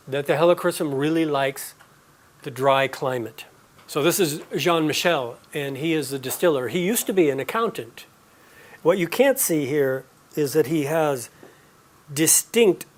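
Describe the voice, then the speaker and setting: A man teaching a live class, explaining and telling stories in a relaxed, conversational way. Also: on the high side. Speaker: aromatherapy teacher.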